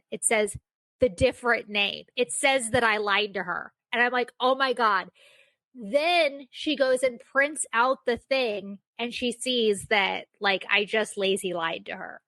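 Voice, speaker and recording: A woman's voice: a little high, fairly bright tone, no echo. Chatty young woman telling a story. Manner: chatty, storytelling, filler-heavy, self-mocking. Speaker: podcast host. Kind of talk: casual solo podcast chat.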